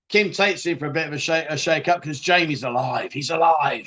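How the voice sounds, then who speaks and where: A man's voice: a little high, fairly quick, hardly any pauses, pushed and bright. Blunt, chatty man hosting a live stream. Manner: blunt, chatty, swears freely, many restarts. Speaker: live-stream chat show host. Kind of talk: casual live-stream chat reading viewer comments.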